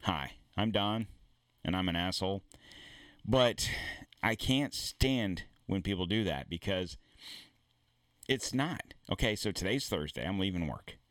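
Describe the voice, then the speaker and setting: A man's voice: low-pitched, lively intonation, unhurried, long pauses, a bit bright, no room sound. A man hosting his own show, ranting in a rambling, blunt and profane way with many false starts. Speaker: podcast host. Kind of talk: casual ranting monologue.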